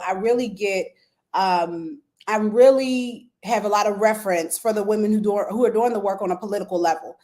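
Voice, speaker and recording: A woman in her thirties hosting a casual talk show, telling a personal story and jumping up in pitch when she relives tense moments. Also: a little mellow. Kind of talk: casual chat to a live audience.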